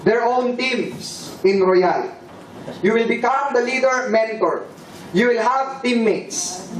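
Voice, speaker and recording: A man giving a motivational seminar talk, leading the crowd in slow, emphatic chants. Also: very high voice, a little hiss or hum. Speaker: seminar speaker. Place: large hall with live audience. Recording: roomy hall from far off, crowd.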